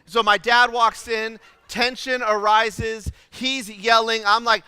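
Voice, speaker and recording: A man preaching a sermon as pastor, telling a childhood story in an animated, self-deprecating way with lots of fillers. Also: very high-pitched, unhurried, in a large hall, a little hiss or hum. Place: church auditorium.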